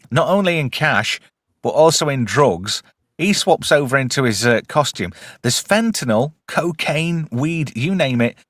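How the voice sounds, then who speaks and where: A man hosting a casual podcast chat, animated and swearing freely as he recaps episodes. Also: medium pitch, no room sound, clean studio sound. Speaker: podcast host.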